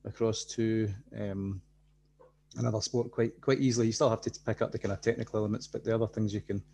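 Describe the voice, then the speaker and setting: A man's voice: lowish voice, steady tone, fast talker, creaky, dark tone, a little hiss or hum. A man hosting a podcast, asking long supportive questions with many restarts. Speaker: podcast host. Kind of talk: interview questions.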